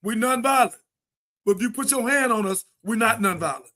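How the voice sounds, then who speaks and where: Fiery high-voiced preaching radio host. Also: male voice, brisk. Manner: impassioned, preacher-like, shouting at times.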